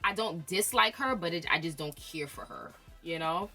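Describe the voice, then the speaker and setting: A young woman hosting a casual reality TV chat, opinionated and animated, laughing often and peppering her talk with "like". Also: fairly low pitch, normal speed, soft background music. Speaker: YouTube host.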